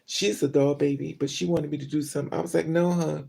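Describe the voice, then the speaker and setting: Woman vlogger, husky gravelly voice, profane and gossipy, animated storytelling. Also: deep voice, fast talker. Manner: animated, laughs often between remarks. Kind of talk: casual vlog monologue.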